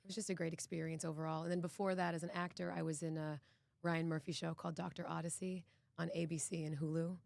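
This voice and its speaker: An earnest, reflective woman from Boston speaks as a podcast guest. Her voice is low and stays fairly level. She often restarts her sentences. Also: flat delivery, quick pace, vocal fry, a little mellow, no room sound. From Boston, United States. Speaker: actress and executive producer, guest. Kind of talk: casual podcast interview.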